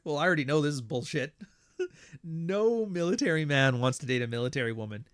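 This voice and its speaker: A man's voice: on the high side, fairly quick. Blunt, profane man ranting on a podcast. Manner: animated, mimics others mid-story. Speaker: podcast host. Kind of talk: casual ranting monologue.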